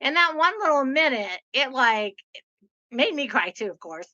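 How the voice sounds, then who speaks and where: A woman hosts an interview with a high, bright voice. She tells stories in a bubbly, expressive way. The sound is dull and lo-fi. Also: normal speed. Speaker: host. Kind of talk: conversational interview.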